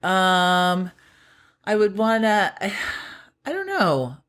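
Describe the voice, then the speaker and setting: A young adult woman co-hosting a podcast in casual chat, animated, laughing often and repeating herself. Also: mid-range voice, slow, smooth. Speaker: podcast co-host.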